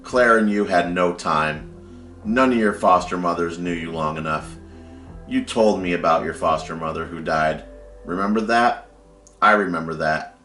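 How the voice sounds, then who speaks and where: A man's voice: deep voice, moderate pace, pushed and bright, reverberant, soft background music. A man voicing a remorseful mother who pleads and apologizes to her grown son, in close to his own voice.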